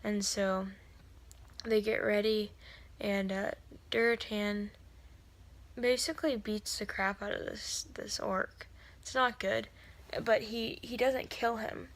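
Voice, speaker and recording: A woman talks through a book recap in a loose, casual way. She fills her sentences with "like" and "um" and restarts them often. Her pitch sits in the middle range, and she now and then drops into a whisper for a side remark. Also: fairly even intonation, slow, long pauses. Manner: rambling, full of fillers and self-corrections. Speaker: video creator summarizing a novel.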